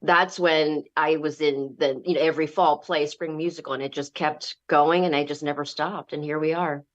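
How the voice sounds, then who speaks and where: A woman's voice: sits low, steady tone, normal speed, highs cut off. A woman from Los Angeles, a guest actress answering interview questions in a friendly, chatty way. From Los Angeles, USA. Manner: friendly and chatty, with many fillers and restarts.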